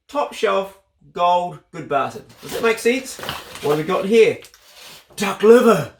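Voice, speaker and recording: Excitable New Zealand man vlogging. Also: sits high, normal speed, reverberant, a little hiss or hum. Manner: excitable, swears freely, bursts into loud exclamations. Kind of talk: casual vlog unboxing.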